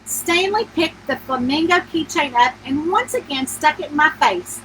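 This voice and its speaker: Bright, animated woman reading a story. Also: sits high, a little slow, few pauses, slight background noise, poor audio. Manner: animated first-person narration, voicing the heroine with feeling. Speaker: author reading her novel.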